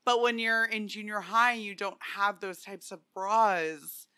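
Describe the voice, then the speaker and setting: Young female co-host, bright tone, teasing and frank. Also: medium pitch, steady tone, unhurried. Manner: teasing, upfront. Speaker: podcast co-host. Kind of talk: casual chat.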